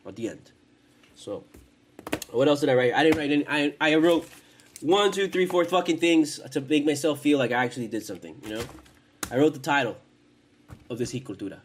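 A man's voice: a little high, fairly quick, long pauses, slight background noise. A young man hosting a casual podcast from his home, rambling and cursing, with many false starts. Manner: profane, rambling, frequent restarts. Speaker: podcast host.

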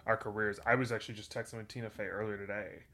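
Bright-voiced man rambling in casual chat. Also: on the low side, flat delivery, racing. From Texas and Louisiana. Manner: rambling, joking, lots of fillers. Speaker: podcast co-host.

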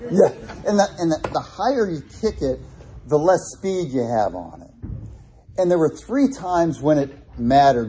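A man preaching a sermon, telling animated personal stories with many restarts. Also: medium pitch, breathy edge. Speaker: pastor.

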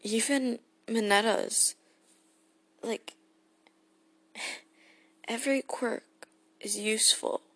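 A woman voicing a gentle, goofy teenage boy hero who speaks as an affectionate boyfriend in a role-play audio, soft-spoken and prone to giggles. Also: a little high, fairly even intonation, takes it slowly, long pauses, heavily acted. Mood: tender, reassuring. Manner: soft-spoken and tender, breaking into giggles when tickled.

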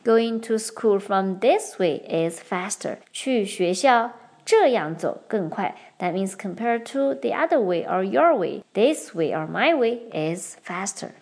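A young woman hosting a podcast lesson, explaining Chinese patterns clearly and switching between English and Mandarin. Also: mid-range voice, animated, a little slow, darkish tone. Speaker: podcast host and Chinese teacher. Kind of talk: bilingual language lesson.

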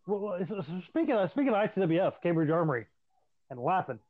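A man's voice: high voice, very animated, fast. A man telling profane wrestling stories in casual chat, acting out the voices of the people in them. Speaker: podcast co-host, former wrestler. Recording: dry, tinny phone-like sound.

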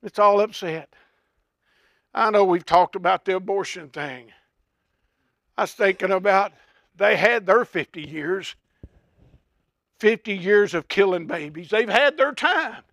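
An older man preaching a folksy, impassioned sermon that swells into shouts. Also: high-pitched, a little slow, long pauses, no room sound, studio quality.

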